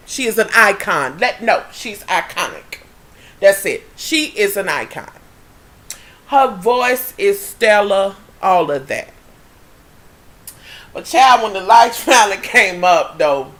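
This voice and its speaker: A woman talks casually into her camera, rambling from one thing to the next. She keeps calling her viewers y'all and often stops partway through a sentence before starting over. Her voice sits at an ordinary, middle pitch. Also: fairly bright tone. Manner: chatty, addresses viewers as y'all, trails off and restarts. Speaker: vlogger.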